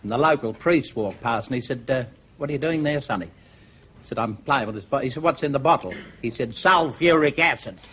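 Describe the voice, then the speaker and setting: An older Australian comedian does stand-up, telling jokes in a rambling, chuckling style packed with "he said, uh." His male voice is mid-range, fairly quick, fairly bright and slightly rough. It's recorded in a TV studio with faint noise.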